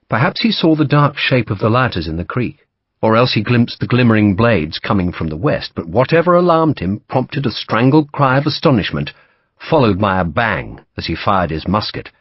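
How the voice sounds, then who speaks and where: Husky male audiobook narrator. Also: fairly low pitch, no room sound, lo-fi sound. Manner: measured, vivid storytelling. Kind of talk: scripted narration.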